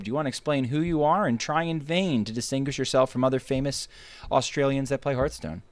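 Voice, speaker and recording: A man hosting a casual gaming chat, quick and joking, often restarting his sentences. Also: medium pitch, animated, no room sound. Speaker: host. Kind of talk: casual podcast-style chat.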